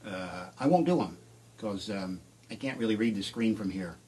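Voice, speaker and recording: Rambling deadpan male comic, live stream. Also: on the low side, normal speed, slight background noise. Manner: rambling, deadpan storytelling with sudden shouted outbursts. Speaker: comedian and musician. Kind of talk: live-streamed stand-up storytelling. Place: home shed.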